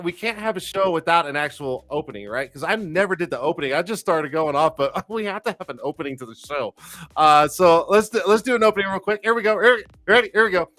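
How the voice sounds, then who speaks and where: A man's voice: high voice, fairly quick, fairly bright tone. A man hosting a casual live-stream talk show, loose, profane and jokey, with lots of fillers and restarts. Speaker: livestream talk show host.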